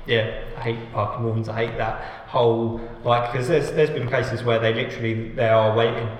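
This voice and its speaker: A man's voice: medium pitch, level tone, normal speed. A man chatting casually as a podcast guest, rambling with plenty of fillers. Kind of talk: casual chat. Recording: echoey room with long reverb, faint background noise.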